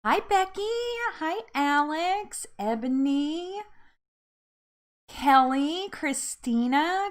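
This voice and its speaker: A woman's voice: high-pitched, big pitch swings, drawn-out words, pauses often. A young woman hosting a casual live-stream chat, greeting viewers and laughing often in an upbeat way. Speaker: host of a live weight loss support chat.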